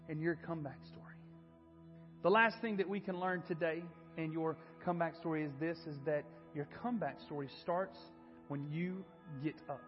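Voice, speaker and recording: Earnest high-voiced man preaching a sermon. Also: big-room sound, highs cut off. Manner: earnest, personal testimony. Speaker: pastor. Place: church sanctuary.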